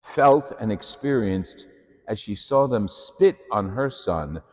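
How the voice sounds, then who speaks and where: A man's voice: fairly low pitch, animated, takes it slowly, a little mellow, long reverb tail. A male priest preaching a sermon in a church, telling self-deprecating stories. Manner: anecdotal storytelling, self-deprecating.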